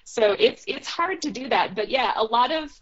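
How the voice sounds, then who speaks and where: A woman's voice: fairly high pitch, expressive, moderate pace, breathy edge. A woman author talking casually in an interview, laughing often and trailing off mid-thought. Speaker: author guest. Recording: dull lo-fi recording.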